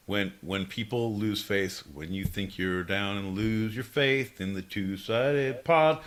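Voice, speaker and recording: A man co-hosting a comedy podcast, playful and theatrical, swinging between loud bursts and mumbled asides. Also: lowish voice, slow pace, hardly any pauses. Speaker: podcast co-host.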